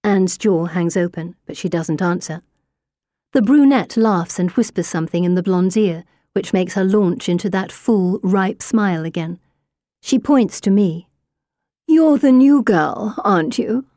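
A woman reading a first-person story aloud as an audiobook narrator, in a steady, wry storytelling way. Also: fairly low pitch, measured pace, dry recording, studio quality.

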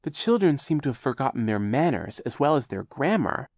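A man's voice: medium pitch, very animated, a little fast, a little mellow, no room sound, studio quality, voice pushed up. A man voicing a fussy, nervous older aunt who fixates on grammar, prim and fretful.

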